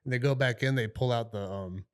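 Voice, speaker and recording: With a clear, resonant tone at medium pitch and a fairly quick pace, a middle-aged man co-hosts a podcast. He drifts through a long anecdote casually, swearing freely and filling gaps with "you know" and "right?".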